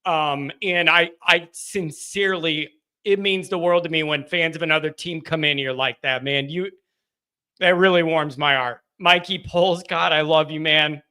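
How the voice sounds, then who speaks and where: A man hosting a live postgame fan call-in stream, talking emotionally and excitably and sometimes shouting. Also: fairly high pitch, normal speed, clean tone. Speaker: host of a fan call-in show.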